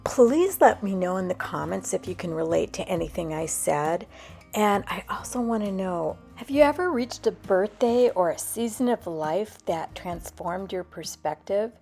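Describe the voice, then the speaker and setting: A woman's voice: mid-range voice, lively intonation, normal speed, a little mellow, soft background music. A woman in her seventies talking candidly and reflectively in a casual personal vlog. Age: 70s. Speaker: lifestyle vlogger.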